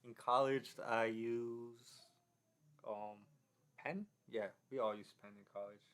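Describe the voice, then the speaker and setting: A man's voice: medium pitch, steady tone, takes it slowly, a bit bright. A young man co-hosting a casual design podcast, talking in loose stories full of fillers and restarts. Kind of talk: casual chat.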